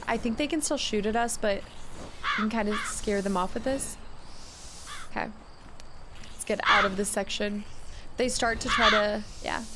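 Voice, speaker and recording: A woman streamer giving let's-play commentary, excitable and repeating words fast when she panics. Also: medium pitch, very noisy. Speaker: video game streamer. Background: loud game music.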